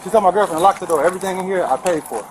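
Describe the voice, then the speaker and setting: High-voiced man on body cam audio. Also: rapid-fire. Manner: insistent, pleading, repeats himself. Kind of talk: heated argument with police. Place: outdoors at a shop door. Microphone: police body camera. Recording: noisy outdoor body camera audio.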